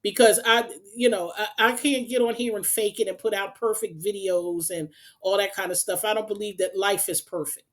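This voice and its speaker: A woman's voice: mid-range voice, steady tone, moderate pace. A woman hosts an unedited commentary vlog, talking straight to her viewers in an exasperated, emphatic and repetitive way. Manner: direct address to the audience. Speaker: channel host.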